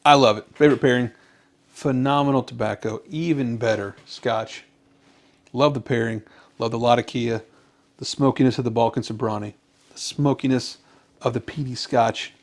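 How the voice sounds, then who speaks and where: A man co-hosting a casual podcast, telling a long joke with lively character voices. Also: normal speed. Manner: animated joke-teller, jumps to high pitch for characters. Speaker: podcast co-host.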